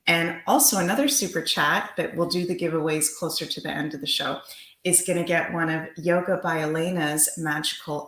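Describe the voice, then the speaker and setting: Low-voiced woman in an echoey room. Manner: upbeat, gushing promotional talk. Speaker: livestream co-host. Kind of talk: livestream chat.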